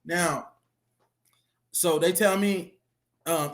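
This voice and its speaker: A man's voice: a little high, unhurried, pauses often. A man giving a casual interview, retelling a story with street slang and lots of fillers. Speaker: interview guest, former reality show contestant.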